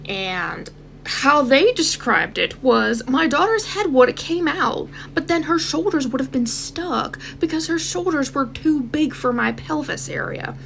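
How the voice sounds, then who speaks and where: A young woman telling a personal story in a casual, animated way, speaking straight to her viewers and acting out what people said. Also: sits high, a little slow, vocal fry, a little hiss or hum. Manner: animated, addresses viewers directly, acts out quotes.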